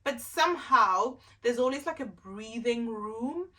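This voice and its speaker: A woman's voice: on the high side, lively intonation, a little slow, pushed and bright, recorded from a distance. A young South African woman chatting casually in a vlog, full of fillers. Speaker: vlogger.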